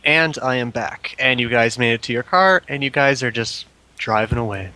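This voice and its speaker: Man, game master, casual tabletop narration, very bright voice. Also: medium pitch, normal speed, dry recording.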